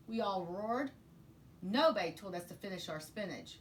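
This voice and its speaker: A woman teacher reading a children's picture book aloud in an expressive, sing-song way. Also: mid-range voice, takes it slowly. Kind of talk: children's storybook read-aloud.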